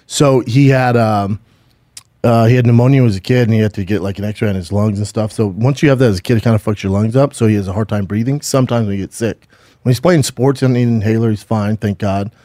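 A man's voice: medium pitch, dark tone, dry recording. Middle-aged man, podcast co-host, rambling profane storytelling, dry close sound. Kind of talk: casual chat.

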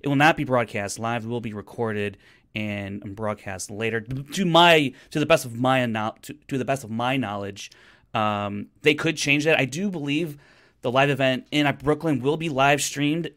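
A man co-hosting a podcast in casual chat, animated and often restarting his sentences. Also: medium pitch, moderate pace. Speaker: podcast co-host.

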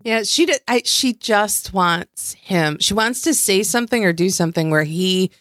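A woman's voice: medium pitch, normal speed, fairly bright tone, dry recording, clean studio sound. A woman co-hosting a podcast in casual chat, agreeable and playful, laughing often. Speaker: podcast co-host.

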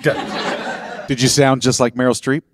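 A man guesting on a live comedy podcast, rowdy and loud, laughing mid-line. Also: mid-range voice, little pitch movement, slow pace, noisy background. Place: live convention stage before crowd.

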